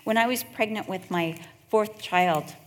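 A middle-aged woman preaching a sermon, earnest and storytelling, with slow drawn-out emphasis. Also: mid-range voice. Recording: echoey hall.

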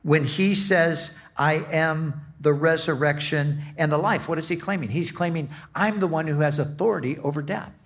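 With a fairly high-pitched voice, this man delivers a sermon as a pastor, his teaching slow and deliberate, and he frequently starts his phrases over.

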